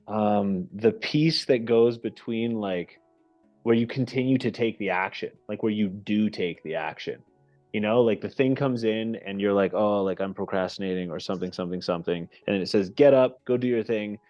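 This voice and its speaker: A man hosting a casual group call, energetic and animated, often checking in with "right?", heard over muffled lo-fi call audio. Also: on the low side, normal speed, soft background music. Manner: energetic and animated, with many restarts and "right?" tags. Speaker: host of the goal call.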